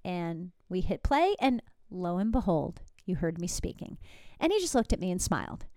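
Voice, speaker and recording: Chatty woman, smooth dry voice. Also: on the low side, normal speed, dry recording. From Southern California. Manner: chatty, animated, with asides and laughs. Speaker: podcast host. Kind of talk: casual storytelling monologue. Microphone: desktop podcast microphone.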